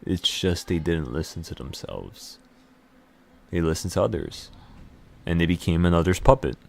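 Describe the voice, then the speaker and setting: With a deep, gravelly voice at a moderate pace, a man hosting a trading channel launches into an excited, wandering pep talk, repeating words again and again.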